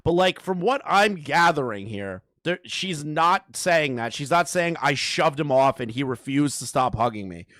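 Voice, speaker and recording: A man's voice: on the high side, lively intonation, normal speed, hardly any pauses, a bit bright, no echo, studio quality. A man doing casual live commentary on a clip, crude and mocking, often laughing. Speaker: streamer reacting to a clip.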